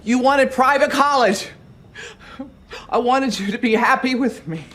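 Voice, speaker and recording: A woman's voice: sits high, unhurried, a bit bright. An actress playing a middle-aged mother with a Long Island accent, bluntly confessing in a film drama. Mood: defiant confession.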